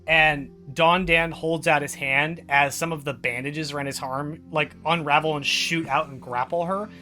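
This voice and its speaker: A man running a tabletop game as game master, giggly and animated, putting on voices for the characters. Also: a little high, moderate pace, faint music behind.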